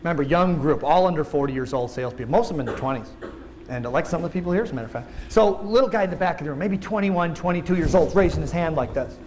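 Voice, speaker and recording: A man delivers a motivational keynote in a large convention hall. His voice sits high for a man, and he tells stories in a lively way, acting out the lines of the people in them. A faint hum of ambience sits beneath him. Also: very fast. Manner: animated, acts out dialogue in his stories. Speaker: keynote speaker.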